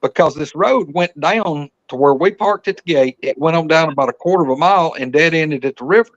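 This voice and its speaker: In a muffled recording, a slightly high-voiced man briskly shares a hunting story as a podcast guest. He rambles casually and folksily, frequently restarting sentences.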